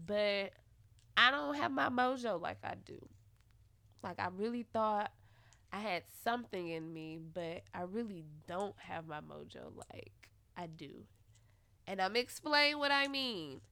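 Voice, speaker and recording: A young adult woman hosting a podcast in a casual personal monologue, candid and full of slang and swearing, swinging from quiet musing to loud venting. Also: lowish voice, vocal fry, clean tone, no echo. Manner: heavy slang and swearing, dramatic retelling. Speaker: podcast host.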